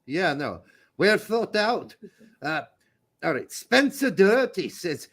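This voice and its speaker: A man's voice: high-pitched, sing-song, slow, fairly bright tone. A man co-hosting a casual sports podcast, joking around with his partner and breaking into silly voices. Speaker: podcast co-host. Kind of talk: casual banter.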